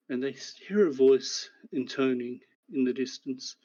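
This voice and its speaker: A man narrating a recap of the last tabletop game session as game master, in a measured storytelling way. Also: medium pitch, lively intonation, mellow, dull audio.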